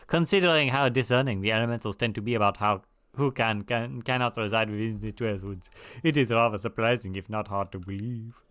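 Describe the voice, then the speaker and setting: A man's voice: mid-range voice, vocal fry, pushed and bright, smooth, dry recording, clean studio sound, full character voice. A man doing a mock-French gossiping lady. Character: refined woman townsfolk with a put-on French accent.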